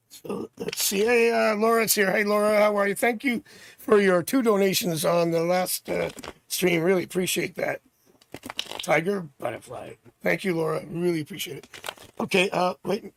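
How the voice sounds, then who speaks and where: A man from Canada hosting a live tarot stream, chatting with viewers and thinking out loud as he reads cards. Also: sits high, vocal fry. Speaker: tarot reader and livestream host.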